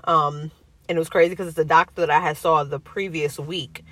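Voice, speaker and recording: Animated young woman, dry close sound. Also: low-pitched, a little fast, no room sound. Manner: animated, acts out quoted voices. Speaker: storyteller. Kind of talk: casual chat.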